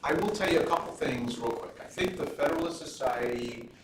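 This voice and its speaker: A man's voice: medium pitch, a little fast. Middle-aged man chatting in a roomy hall. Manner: conversational, frequent "you know" fillers, anecdotal. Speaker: judge speaking to law students. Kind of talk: casual Q&A talk. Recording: roomy, distant mic, room noise.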